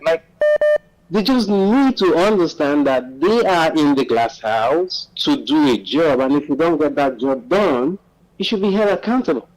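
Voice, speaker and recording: A man's voice: fairly high pitch, lively intonation, measured pace, darkish tone, poor audio. A man from Nigeria calling in to a football talk show, passionate and emphatic. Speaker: caller. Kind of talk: phone-in football commentary.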